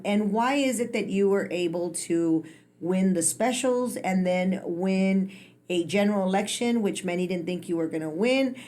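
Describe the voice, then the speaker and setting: A woman's voice: mid-range voice, darkish tone. A woman from Texas co-hosting a podcast, talking casually and stressing her points for the listeners. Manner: emphatic, builds up lists for the listeners. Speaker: podcast co-host.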